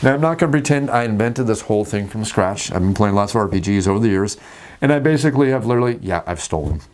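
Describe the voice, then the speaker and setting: A man hosting a casual talk about tabletop games, jokey and animated, acting out scenes at the table. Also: fairly low pitch, fast. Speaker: host.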